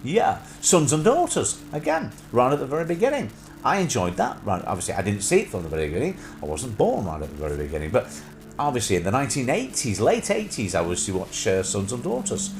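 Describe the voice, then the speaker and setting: A man's voice: mid-range voice, huge pitch swings, fast. A man in his thirties hosting a live stream, chatting in a casual, rambling way with many fillers and restarts. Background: music.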